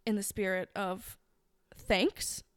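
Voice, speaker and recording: A woman's voice: mid-range voice, fairly even intonation, takes it slowly, no echo. A woman co-hosting a podcast, talking in a chatty, playful and sometimes sarcastic way. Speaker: podcast co-host. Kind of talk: casual podcast chat.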